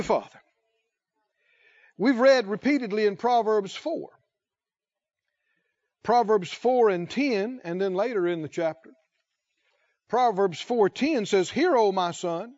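A man delivers a sermon slowly and with emphasis, stretching out key words and posing questions to the congregation. His voice is high and the sound is lo-fi.

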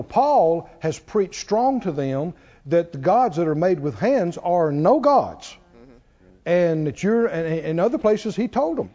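A preacher man delivers a sermon in a high, lively voice that swoops up and down. He's folksy and keeps laughing, dropping into low mock voices to play people. The recording sounds dull and lo-fi.

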